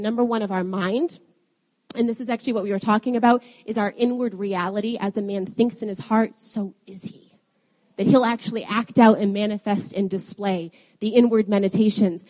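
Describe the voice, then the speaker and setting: A young woman preaching a sermon in an animated way, laughing often at herself. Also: medium pitch. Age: young adult. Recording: long hall reverb.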